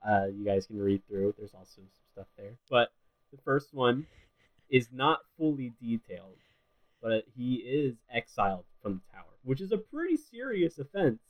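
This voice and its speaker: A man co-hosting a casual podcast, calmly laying out background details he has gathered in notes, with filler sounds between points. His voice sits at a middle pitch and comes through a dull, lo-fi mic. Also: moderate pace. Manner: informative, reading from notes. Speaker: podcast co-host. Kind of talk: casual chat.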